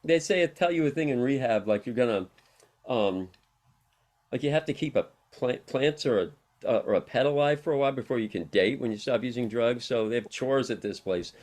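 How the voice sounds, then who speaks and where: A man's voice: medium pitch, fairly quick, a little mellow. Middle-aged man telling rambling stories. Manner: rambling, anecdotal, laughs often. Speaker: interview guest, harm reduction worker. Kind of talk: casual storytelling interview.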